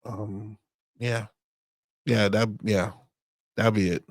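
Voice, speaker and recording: Deep, gravelly-voiced man talking marriage. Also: steady tone, no room sound, clean studio sound. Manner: halting, searching for words. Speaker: podcast co-host. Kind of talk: casual faith-based chat about marriage.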